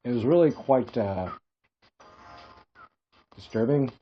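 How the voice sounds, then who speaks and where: A man from Hawaii rambles through comic stories on a casual podcast and laughs at his own jokes. His voice sits at a middling pitch. The recording is dull and lo-fi, with faint music underneath. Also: expressive, slow pace. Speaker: podcast co-host. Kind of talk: casual comedic chat.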